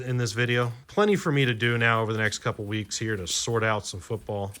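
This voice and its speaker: Rambling low-voiced man opening cards. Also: a little fast, fairly bright tone. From Maryland, US. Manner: rambling, loose, many fillers and restarts. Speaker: card collector vlogger. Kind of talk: casual chat while opening cards.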